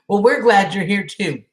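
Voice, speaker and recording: A woman hosts a relaxed live stream and chats easily with viewers, calling out their names as she goes. Her voice sits in the middle of the range, and the room around it is echoey. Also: mid-range voice. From Southern United States. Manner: chatty, greets viewers by name, laughs often. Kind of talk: casual chat with live chat viewers.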